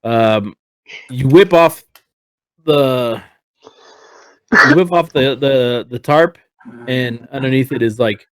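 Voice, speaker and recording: Slow, rambling man running a tabletop game. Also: mid-range voice, dry recording, poor audio. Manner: rambling, full of fillers. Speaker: game master. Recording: streamed voice chat.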